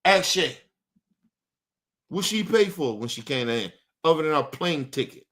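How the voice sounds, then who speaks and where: A man's voice: fairly high pitch, animated, unhurried, fairly bright tone. A man hosting a show, ranting angrily in with heavy swearing and a lot of repetition. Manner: angry, repeats himself, swears heavily. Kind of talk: heated on-air rant.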